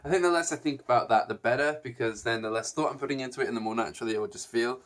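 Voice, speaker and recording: A man's voice: mid-range voice, very fast. A young man vlogging to his camera in a rambling, reflective way, with many fillers and restarts. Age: young adult. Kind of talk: casual talk to camera.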